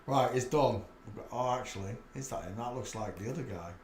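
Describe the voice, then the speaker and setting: Yorkshire host, mid-pitched male voice, thinks aloud while clicking through pictures, echoey room with a faint hum. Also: brisk. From England. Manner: muttered running commentary, thinking aloud. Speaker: channel host. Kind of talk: casual commentary while browsing images.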